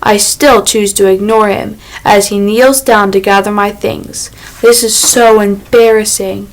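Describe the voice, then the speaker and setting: A woman's voice: mid-range voice, steady tone, unhurried, poor audio. Woman reading a first-person audiobook. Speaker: audiobook narrator. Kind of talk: first-person scripted narration.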